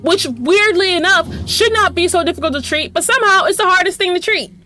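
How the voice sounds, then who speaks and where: A woman's voice: very high-pitched, animated, fairly quick, sharp tone, a little hiss or hum. A woman giving gameplay commentary, swearing freely, ranting sarcastically and talking back at the game's characters. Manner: talks to the game characters. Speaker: let's play host.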